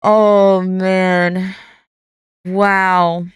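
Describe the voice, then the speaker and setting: A woman's voice: medium pitch, level tone, drawn-out words, clean tone, no echo, clean studio sound. A woman streamer reacting on a casual livestream, swearing and breaking into exasperated outbursts and laughter.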